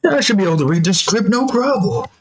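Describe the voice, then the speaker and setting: Man putting on a cocky action hero voice, higher than his own, stammering, boastful. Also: lively intonation, fast, husky, exaggerated voice. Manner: hesitant, stammering.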